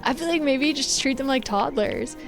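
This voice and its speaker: This young woman Twitch streamer has a high, animated, creaky voice at a moderate pace, with faint music behind. She chats casually and live with viewers in a bossy, laughing way, acting out what people say.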